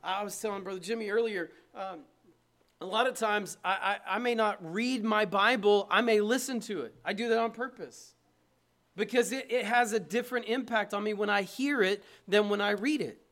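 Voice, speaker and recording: A man's voice: high voice, normal speed, a bit bright. A man preaching a sermon from the pulpit, emphatic and conversational, with asides to the congregation. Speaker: pastor. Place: church.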